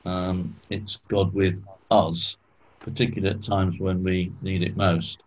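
Low-voiced man leading a Bible study. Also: flat delivery, measured pace, a little mellow, rough recording. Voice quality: clears throat often. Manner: explanatory, asks group questions. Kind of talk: informal Bible teaching.

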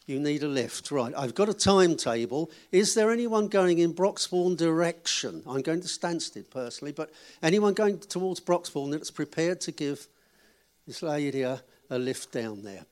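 A man with a slightly high voice reads out the notices at a church gathering. He is chatty and friendly, and he jokes with the people in front of him. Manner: chatty, friendly announcer, joking with the audience. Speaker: event leader giving notices. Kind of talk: church notices and a told joke.

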